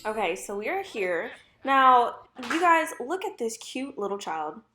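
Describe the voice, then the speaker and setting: A woman's voice: fairly high pitch, very animated, a little slow, pushed and bright, roomy sound, faint music behind. A young woman chatting over her game footage in a bubbly, gushing way, full of "like" and exclamations. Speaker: gaming YouTuber. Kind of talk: casual gameplay voice-over. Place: home room with dogs.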